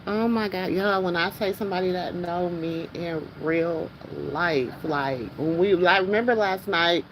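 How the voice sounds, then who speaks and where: A woman vlogger talking casually and emotionally to her viewers, excited and exclamatory, repeating herself often. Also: lowish voice, unhurried, slight background noise, rough recording.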